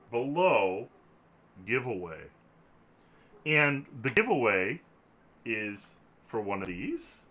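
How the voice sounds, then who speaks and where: A man hosting a casual podcast, his pitch swinging widely as he jokes and rambles. His voice is bright and forward. He laughs often, talking into a desk microphone. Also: a little hiss or hum. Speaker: podcast host.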